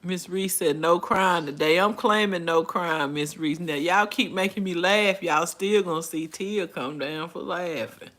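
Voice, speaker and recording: A woman's voice: lowish voice, a little slow, few pauses, a bit bright. A woman in her forties hosting a casual livestream, reading viewer comments aloud and chatting in a folksy way with frequent laughter. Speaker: livestream host.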